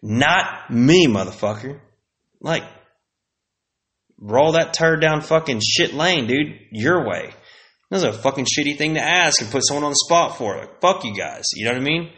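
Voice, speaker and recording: A man's voice: a little high, animated, normal speed, fairly bright tone. A man hosting a solo podcast, venting bluntly in a casual, profanity-heavy rant that circles back on itself. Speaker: podcast host.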